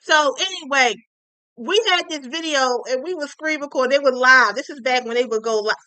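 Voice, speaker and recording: A woman's voice: high-pitched, fairly quick, sharp tone, dry recording. A woman hosting a livestream gossip channel, chatting casually and sassily with viewers, calling them honey. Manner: chatty, sassy, calls viewers honey and y'all.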